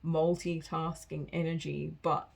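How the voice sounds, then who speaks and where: A woman's voice: sits low, little pitch movement, a little slow, creaky, slightly rough, low-quality recording. A woman giving a casual collective tarot reading, chatty and rambling, often laughing at herself. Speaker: tarot card reader.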